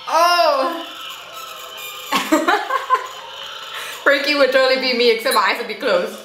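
A young woman talks through a video she is reacting to, chatty and full of exclamations. Her voice is bright and forceful. The room is echoey, with a faint hiss behind her. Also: high voice, lively intonation, measured pace, long pauses. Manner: chatty, exclaims and gasps often. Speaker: YouTube reactor. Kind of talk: casual reaction commentary.

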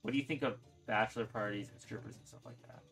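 A man's voice: on the low side, fairly even intonation, fast talker, gravelly, fairly bright tone, faint music behind. A young man chatting casually while gaming, rambling and swearing freely as he tells a story. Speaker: gaming streamer. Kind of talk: casual chat while playing.

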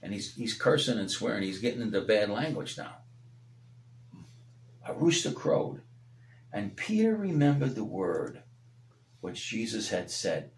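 A man preaching a sermon as pastor, swinging between loud emphatic peaks and hushed low passages. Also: very animated, measured pace, vocal fry, pauses often, roomy sound. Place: church sanctuary.

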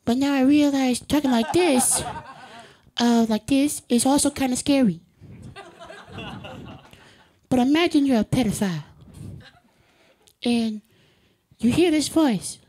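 A man doing stand-up in a put-on soft, timid little boy voice like a cuddly cartoon bear, meek and stammering, on a comedy club stage. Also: very high voice, unhurried, pauses often, slight background noise, voice pushed up. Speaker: stand-up comic. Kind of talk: stand-up set in a character voice.

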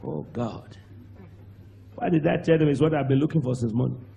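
Nigerian male preacher, mid-pitched voice, lively testimony style with acted-out dialogue and shouts, faint noise behind. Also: moderate pace, vocal fry, highs cut off. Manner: animated storyteller, acts out voices, bursts into shouts and laughter. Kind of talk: sermon testimony.

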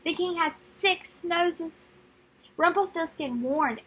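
A young woman reading a children's picture book aloud, friendly and expressive. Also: sits high, unhurried, husky, poor audio. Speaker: read-aloud narrator.

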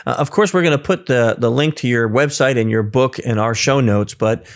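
A man hosting a podcast interview, relaxed and affirming, asking casual questions. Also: mid-range voice, normal speed. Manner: relaxed, affirming, laughs easily. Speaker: podcast host.

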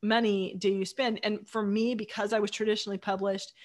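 A woman's voice: medium pitch, flat delivery, a little fast. A woman author as a guest, chatting casually and enthusiastically in long run-on sentences. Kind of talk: casual chat.

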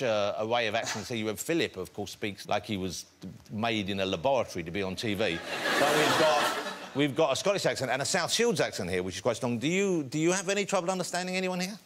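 A man's voice: medium pitch, lively intonation, fast. A man with an English accent, hosting a television chat show and teasing his guests. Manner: joking, teasing. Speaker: talk show host. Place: television studio. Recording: studio audience, loud noise.

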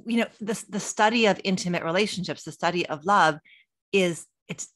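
A middle-aged woman speaking as a relationship expert guest in an interview, enthusiastic and expressive. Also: on the low side, normal speed, no room sound, clean studio sound. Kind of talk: conversational interview.

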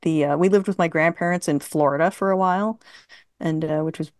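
A talkative woman in her fifties, a writer being interviewed, who tells long anecdotes full of fillers and restarts. Her voice sits a bit low. The sound is dry, with almost no room reflection. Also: brisk, darkish tone, no room sound. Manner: chatty storyteller, laughs often, many fillers. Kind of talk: casual conversation.

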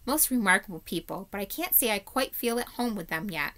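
A shy, earnest boy prince who chatters on eagerly in a read-aloud storybook, as a teacher voices him. The tone is bright and carries at an ordinary pitch. He tells his tale in a rush. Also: expressive, brisk. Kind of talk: reading aloud to children.

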